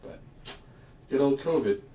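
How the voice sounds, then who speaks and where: A man's voice: mid-range voice, expressive, a little slow, dark tone, a little hiss or hum. A man, chatting casually and rambling through stories while working on a puzzle livestream. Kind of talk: casual chat. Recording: echoey room, mic far off.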